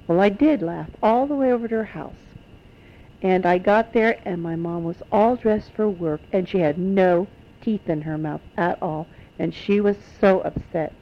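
Older woman telling family stories, gravelly. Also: fairly low pitch, moderate pace. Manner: homespun, animated storytelling. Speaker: storyteller. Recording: dull lo-fi recording.

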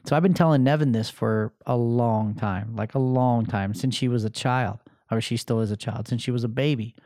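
Casual male storyteller, thirties, warm and mellow, dry close sound. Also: mid-range voice, moderate pace, no echo. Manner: animated, acts out voices, many fillers. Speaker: podcast host telling a story.

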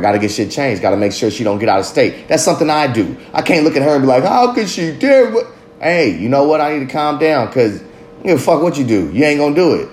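A man in the middle of his range talks bluntly and swears freely, baring his thoughts in a candid confessional monologue. His voice rings around a roomy, echoey space with a faint low rumble underneath. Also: a little mellow. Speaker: father. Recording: roomy echo.

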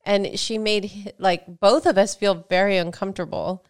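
A woman's voice: medium pitch, steady tone, moderate pace. A woman co-hosting a gaming podcast, chatting casually and telling stories with quoted back-and-forth. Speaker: podcast co-host. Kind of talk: casual chat.

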